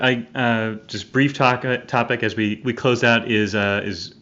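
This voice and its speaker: Male podcast host, bright tense voice, hesitant casual delivery, dull lo-fi audio. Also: medium pitch, flat delivery, brisk, hardly any pauses. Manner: hesitant, many fillers and restarts. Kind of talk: casual interview chat.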